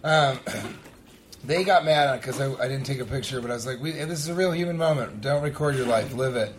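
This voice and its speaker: A man's voice: mid-range voice, brisk, a little hiss or hum. A man in his thirties, a comedian co-hosting a live podcast, telling stories and acting out the people in them while laughing. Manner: animated anecdote telling, acting out others, laughing often. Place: live venue stage. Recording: live show with loud crowd laughter.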